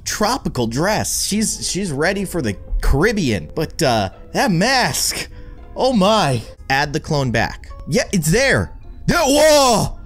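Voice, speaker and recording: A gaming YouTuber giving let's play commentary with animated, playfully dramatic reactions. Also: mid-range voice.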